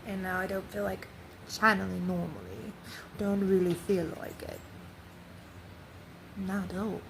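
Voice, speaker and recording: A woman talking through her spiritual thoughts in a loose, wandering monologue. Her pitch sits in an ordinary middle range, and she slips into hushed whispers now and then. A steady hiss of background noise runs under her voice. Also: takes it slowly, creaky, long pauses. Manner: drifts into soft whispers, meandering and reflective. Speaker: vlogger sharing spiritual channeling.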